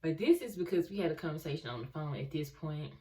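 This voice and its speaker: A woman's voice: low-pitched, fast talker. A young woman telling a story casually and animatedly to her viewers. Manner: animated, talks straight to viewers. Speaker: vlogger.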